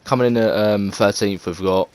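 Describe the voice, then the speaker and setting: English guy, very low voice, loose and unscripted game commentary, swears and hesitates a lot. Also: steady tone, normal speed, darkish tone. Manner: rambling, hesitant, lots of fillers and swearing. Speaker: gaming video creator. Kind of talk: casual gameplay commentary.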